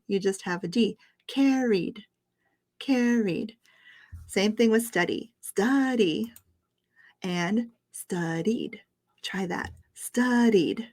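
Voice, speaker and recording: A woman teaches English pronunciation online in a patient, upbeat medium-pitched voice, slowly repeating words for learners to copy. She wears headphones while sharing her screen.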